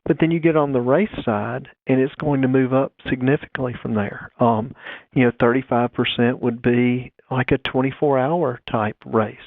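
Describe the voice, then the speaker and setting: A man's voice: mid-range voice, steady tone, moderate pace, no echo. A man calling in as a guest engineer, explaining technical details step by step in a phone interview. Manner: explanatory, talks through figures step by step. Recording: dry tinny phone line.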